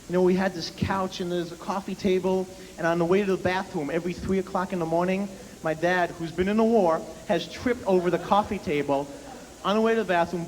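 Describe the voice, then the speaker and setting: High-voiced stand-up comedian in a hall. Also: male voice. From New York. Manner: rapid storytelling with mock-indignant asides. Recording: reverberant hall with faint hiss.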